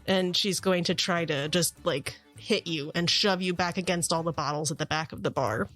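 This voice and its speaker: A woman narrating as game master of a tabletop role-playing game, chatty and quick to laugh. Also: on the low side, a bit bright, faint music behind. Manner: chatty, laughing, voicing characters.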